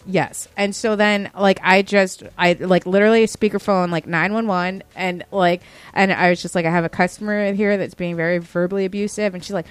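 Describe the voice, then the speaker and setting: A woman's voice: a little fast, few pauses, smooth, dry recording. A woman in her thirties, a former store manager, telling a workplace story in casual chat and acting out the customer. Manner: animated retelling, acts out the customer in a higher voice.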